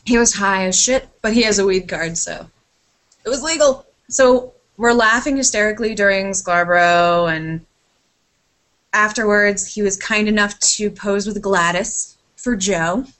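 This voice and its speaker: A woman chatting on a podcast, telling a long story that keeps wandering off track. She swears casually, keeps apologizing and talks at an ordinary pitch. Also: unhurried, a bit bright. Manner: rambling, sidetracked storytelling. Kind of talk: casual chat.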